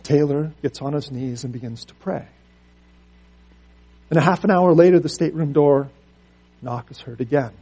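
A man's voice: a little high, moderate pace, pauses often, warm tone, breathy edge. A man preaching a sermon, earnest and story-driven, often repeating words as he restarts.

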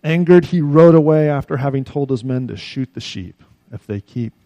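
A male pastor preaching a sermon, telling stories and dropping soft at the ends of lines. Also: medium pitch, expressive, normal speed, no echo, muffled recording.

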